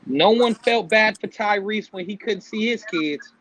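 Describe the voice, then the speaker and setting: A man's voice: high voice, unhurried, a crowd in the background, low-quality recording. A man joining a casual live-stream chat as a panel guest, talking at length and peppering his speech with fillers like "man".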